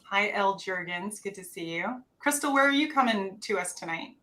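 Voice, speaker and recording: A woman's voice: medium pitch, animated, moderate pace, a bit bright. A middle-aged woman from North Carolina hosting a live stream, upbeat and greeting viewers by name in casual chat.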